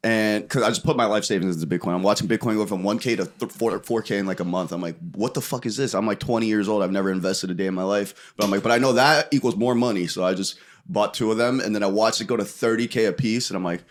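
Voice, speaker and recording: A man's voice: lowish voice, fast. A man in his twenties, a podcast guest, telling stories in a casual, profane way and acting out what people said. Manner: animated, profane, acts out quotes. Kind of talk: casual storytelling.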